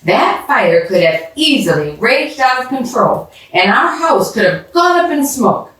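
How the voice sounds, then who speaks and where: A woman's voice: fairly low pitch, lively intonation, fairly bright tone. A woman reading aloud voicing a serious father giving boys a grave talking-to, heard from a distance in an echoey room. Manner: grave, measured. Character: stern serious father of a boy.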